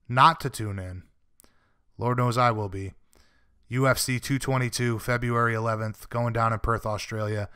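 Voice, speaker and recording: Bright, crisp-voiced sports radio host. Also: male voice, mid-range voice. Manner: easygoing, chummy, laughs along with guests. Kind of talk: sports radio interview hosting.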